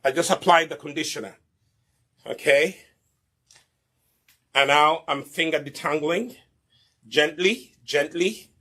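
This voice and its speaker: Middle-aged man, bright tense voice, fairly high, hair care demo with a preachy, checking-in delivery. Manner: preachy, repeats questions like "Okay?" and "Do you understand me?". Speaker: hair care business co-owner demonstrating products.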